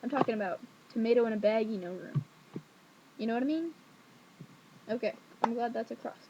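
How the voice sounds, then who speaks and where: A young woman vlogging from home at night, telling a childhood story in a rambling, sassy, animated way. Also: fairly high pitch, brisk, slight background noise. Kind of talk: casual storytelling to camera. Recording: dull lo-fi webcam audio.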